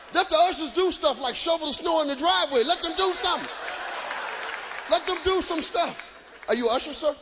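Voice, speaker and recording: High-voiced man doing loud stand-up. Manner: loud, animated, shouting punchlines to the crowd. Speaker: stand-up comedian. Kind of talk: live stand-up comedy. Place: stage before a live audience. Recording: live stage recording with crowd noise.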